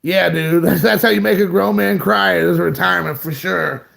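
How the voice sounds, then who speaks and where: A man's voice: high-pitched, moderate pace, vocal fry, a bit bright. A man hosting a live stream, chatting casually and rambling while greeting viewers by name.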